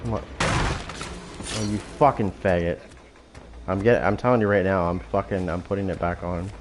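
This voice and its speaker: A man's voice: sits low, fairly even intonation, normal speed, noisy background. A man streaming a game live, commentating with brash, foul-mouthed trash talk. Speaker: streamer playing a killer.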